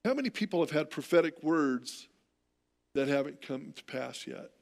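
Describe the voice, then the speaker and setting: A middle-aged American man preaching a sermon as pastor, telling stories in an animated way and often repeating words. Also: fairly high pitch, normal speed, gravelly.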